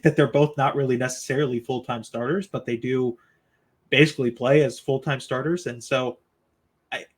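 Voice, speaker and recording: A man hosting a sports podcast, chatting casually and asking his co-hosts for predictions. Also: mid-range voice. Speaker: podcast host.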